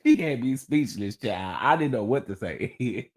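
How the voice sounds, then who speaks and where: Animated man chatting gossip. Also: mid-range voice, measured pace. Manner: animated storytelling, laughing and exclaiming. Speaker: host of a gossip chat show. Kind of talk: casual gossip chat to viewers.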